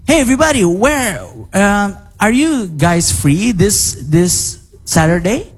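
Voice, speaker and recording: Husky co-host, quick and playful. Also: mid-range voice, animated, big-room sound. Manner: mixes Indonesian and English, playful, quick asides. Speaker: co-host of English learning session. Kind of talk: casual bilingual chat with audience.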